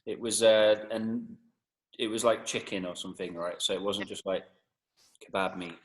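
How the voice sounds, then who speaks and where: A man's voice: lowish voice, little pitch movement, normal speed, low-quality recording. An English man, a fitness coach, chatting and joking casually with his group over a video call. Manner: jokey, teasing, chatty.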